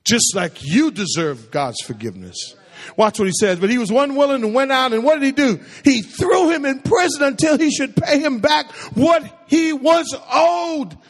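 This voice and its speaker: A man's voice: extremely high pitch, lively intonation, a little slow. A man preaching a sermon in a church sanctuary, using call-and-response and repeating phrases for emphasis. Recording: echoey hall with long reverb.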